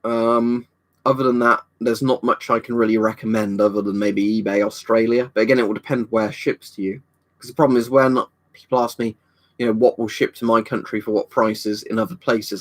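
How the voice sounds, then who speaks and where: A man's voice: lowish voice, flat delivery, fairly quick. A man hosting a casual livestream, rambling easily as he reads out viewers' comments and answers them from a room at home. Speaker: livestream host. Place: indoor storage room at home.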